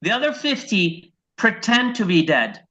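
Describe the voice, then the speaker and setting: A man from Iraq doing a stand-up set over a video call, telling deadpan one-liners and acting out his wife and his dog. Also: high-pitched, measured pace. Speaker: stand-up comedian. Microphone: video call microphone. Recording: dull lo-fi video call audio.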